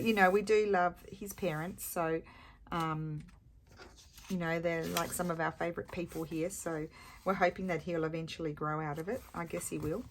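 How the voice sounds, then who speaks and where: A woman with a low, deep-set voice chats away while she glues and trims her pages at the craft table. She rambles easily from thought to thought, filling the gaps with ums and soft laughs. A faint hiss sits under her voice. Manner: rambling, chatty, with frequent fillers and chuckles. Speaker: crafting vlogger. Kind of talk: casual chat while crafting.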